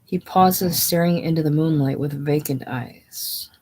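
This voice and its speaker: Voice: mid-range voice, unhurried, darkish tone. A reader plainly reading the stage directions of a play aloud in a casual reading.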